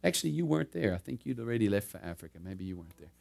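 A middle-aged man preaching a sermon. He tells a personal story, moving from loud, emphatic preaching to low, hushed narration, and laughs between lines. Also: sing-song, rapid-fire, gravelly.

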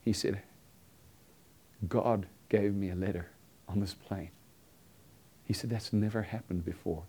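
During a sermon, a man earnestly tells a story, acting out the dialogue and sometimes dropping to a hushed tone. His voice is lowish, with fairly even intonation and a measured pace.

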